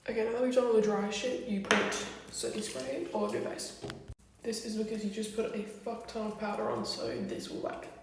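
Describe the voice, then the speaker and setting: A woman's voice: mid-range voice, little pitch movement, fairly quick, heavy background noise. A young woman chatting casually through a makeup tutorial, blunt and swearing freely. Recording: very echoey room, distant from mic.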